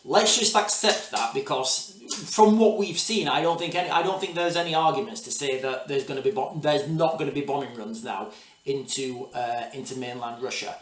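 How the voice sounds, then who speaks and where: A man's voice: mid-range voice, normal speed, distant mic, a little hiss or hum. A man hosting his own video channel, giving rambling casual commentary with many restarts and repeated asides to his viewers. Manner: rambling, restarts, repeats "guys, all right". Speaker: video host. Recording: echoey room, off-mic.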